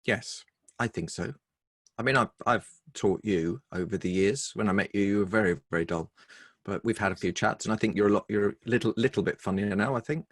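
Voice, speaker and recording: English humor coach, lowish voice, wry chatty storyteller, dry close sound. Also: male voice, brisk, no echo. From England. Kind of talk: online interview.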